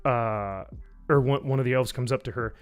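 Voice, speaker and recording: Male streamer, mid-pitched, sarcastic rambling recap with swearing, soft music underneath. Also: moderate pace. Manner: rambling, sarcastic and profane, with many fillers. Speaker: YouTube reviewer on a live stream. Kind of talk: casual live-stream plot recap.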